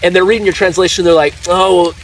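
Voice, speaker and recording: A man's voice: high-pitched, fairly even intonation, fast talker. A man co-hosting a casual conversation, asking questions and answering with short agreements. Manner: short affirmations, asks questions. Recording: distant mic with faint noise.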